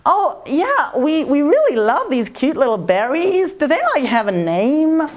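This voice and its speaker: A woman putting on the voice of a gushing, wide-eyed American tourist, with high squealing exclamations in a deliberately clumsy accent. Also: a little mellow, close to an everyday voice.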